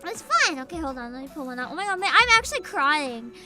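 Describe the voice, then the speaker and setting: A woman's voice: high-pitched, big pitch swings, fast talker, music in the background. A young woman hosting a casual VTuber livestream, sleepy and giggly, reading chat aloud. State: sleepy and tired.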